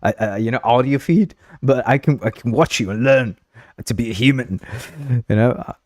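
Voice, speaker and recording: A man's voice: medium pitch, moderate pace, darkish tone, dry recording, clean studio sound. Laughing, rambling man from Uruguay. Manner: rambling, joking, laughs often, many restarts. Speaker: livestream host. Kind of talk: casual livestream chat.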